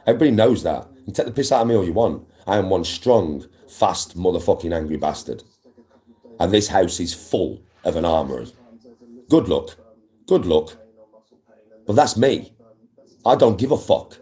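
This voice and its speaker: A man's voice: low-pitched, sing-song, fairly quick, mellow. A man, a livestream host, ranting at live viewers in an aggressive, defiant, swearing way.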